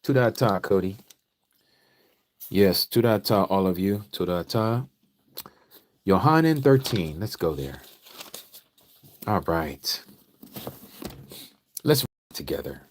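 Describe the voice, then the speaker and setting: Man, sermon delivery: deliberate scripture reading, swells into emotional, high, loud exhortation. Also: animated, slight background noise. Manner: emotional, preacherly, rises in pitch and volume when exhorting; slow deliberate reading with pauses. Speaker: teacher leading scripture study.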